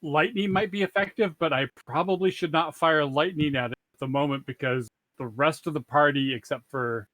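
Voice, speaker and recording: A man's voice: a little high, a little fast, fairly bright tone, no echo, rough recording. A man playing a tabletop game, thinking aloud about his options with wry asides. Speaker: player.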